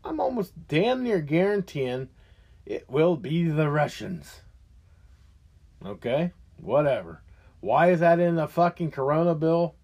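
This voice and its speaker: A man's voice: fairly high pitch, a little mellow. A man hosting his own show, delivering a heated, profane political rant. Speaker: show host.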